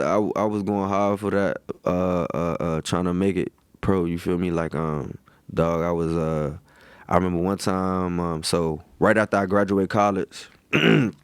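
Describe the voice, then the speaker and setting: A man's voice: low-pitched, clean tone, dry recording. A man in his thirties, a pro football player, chatting as a guest in laid-back slang and telling his story with lots of "you feel me" tags. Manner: acts out quoted voices animatedly. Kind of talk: casual storytelling chat.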